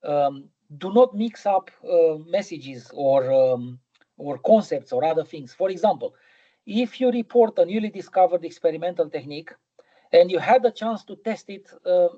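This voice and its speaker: A man's voice: sits high, animated, moderate pace, dull audio. A middle-aged man giving a physics lecture in a webinar, hesitant, with many ums and repeated words.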